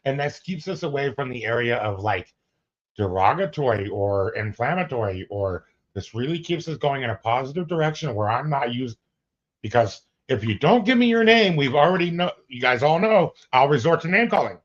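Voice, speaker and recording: A man's voice: medium pitch, very animated, moderate pace. A man co-hosting a casual chat about police footage, joking and rambling, laughing often. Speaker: co-host reacting to police footage. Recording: dull lo-fi audio.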